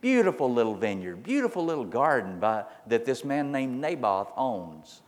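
A man's voice: mid-range voice, big pitch swings, normal speed. A man preaches a sermon as a story, emphatic and fond of repetition. His mid-range voice carries a long reverb through a big hall.

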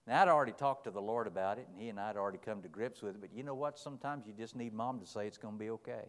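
A middle-aged man preaching a sermon, folksy, telling stories and asking rhetorical questions, moving between quiet and loud. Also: fairly low pitch, racing. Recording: long hall reverb.

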